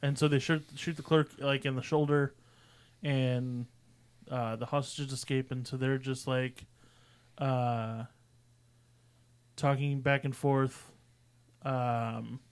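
A laid-back man chats about films with a friend on a podcast. His voice sits at an ordinary middle pitch. When he tells a story it sinks low and quiet. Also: flat delivery, slow pace, long pauses, smooth. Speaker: podcast co-host. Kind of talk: casual movie discussion.

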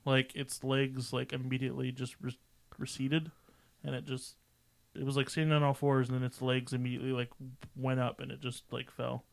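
A laid-back man chats about films with a friend on a podcast. His voice sits at an ordinary middle pitch. When he tells a story it sinks low and quiet. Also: level tone, normal speed, creaky. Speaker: podcast co-host. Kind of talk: casual movie discussion.

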